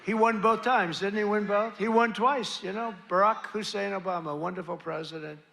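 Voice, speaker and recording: A man's voice: high-pitched, fairly even intonation, normal speed, gravelly, sharp tone. An older man giving a rally speech, boastful and repetitive, wandering into rambling asides. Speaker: political speaker at a rally. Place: rally venue with crowd. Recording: rally sound with crowd noise.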